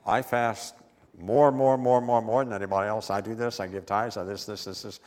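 A preacher acting out a boastful, self-righteous man who brags quickly in prayer, with long hall reverb. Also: fairly low pitch, steady tone, a little mellow, close to an everyday voice. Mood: smug boasting. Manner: bragging, rushed.

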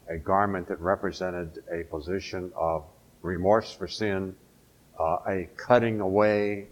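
A middle-aged man preaching a sermon in a conversational way, asking his listeners questions as he goes. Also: deep voice. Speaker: pastor.

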